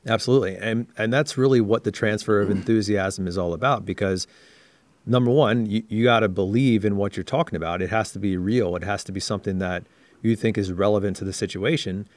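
A man co-hosting a casual sales-training podcast, who explains ideas in steady, reflective points. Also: fairly low pitch, fairly quick, dry recording. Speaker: podcast co-host.

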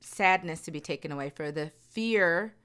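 In this candid personal vlog, a woman with a deep, low, smooth voice that leans a bit bright addresses viewers at a moderate pace. Earnest and emphatic, she drives her message home by saying phrases again.

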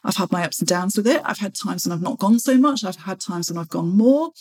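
A woman's voice: mid-range voice, lively intonation, brisk, darkish tone, breathy edge. A woman, hosting a fitness podcast in a chatty, encouraging way. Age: 40s. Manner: chatty and encouraging, acts out her own inner voice. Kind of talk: motivational solo podcast talk.

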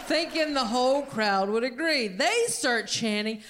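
A woman stand-up comedian telling a story on a theater stage with an animated delivery, exclaiming her punchlines into a handheld mic. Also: mid-range voice, measured pace, hardly any pauses, slight background noise. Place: theater stage before a live audience.

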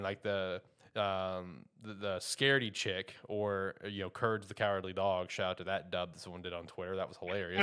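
A podcast host talks through the episode in a relaxed, rambling way. He leans on fillers and restarts and sounds easygoing. His voice sits a little on the low side. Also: smooth. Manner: rambling, filler-heavy, loose and chatty. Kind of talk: casual anime episode recap.

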